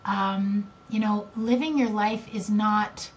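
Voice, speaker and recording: A woman's voice: medium pitch, fairly even intonation, slow, slight background noise. An older woman co-hosting a podcast, telling a family story in a rambling, emotional way. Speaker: podcast co-host. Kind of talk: casual chat.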